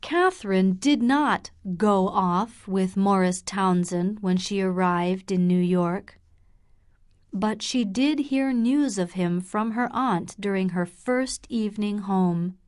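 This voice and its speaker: Very slow, careful female storyteller. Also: medium pitch, a little mellow. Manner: clear, careful, deliberate. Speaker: audiobook narrator. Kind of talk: slow graded-reader narration for learners.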